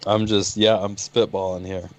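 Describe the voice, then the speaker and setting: A man with a very low voice talks through a plan at a tabletop game. He thinks aloud, hesitating and restarting. The talk is casual and loose. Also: little pitch movement, moderate pace. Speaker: player.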